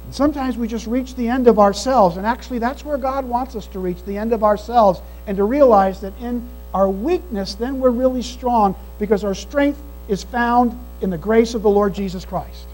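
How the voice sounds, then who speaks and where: Preacher, male, very high-pitched, earnest emphatic sermon delivery, faint hum on the recording. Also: moderate pace, few pauses, a little mellow, faint music behind, low-quality recording. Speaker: pastor. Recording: mains hum behind the voice.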